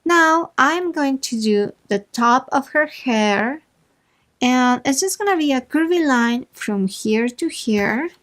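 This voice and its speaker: Woman, drawing tutorial host, slow unhurried talk, slightly high voice, chatty and playful. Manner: chatty and relaxed, talks to herself while drawing, playful asides. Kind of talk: casual drawing instruction.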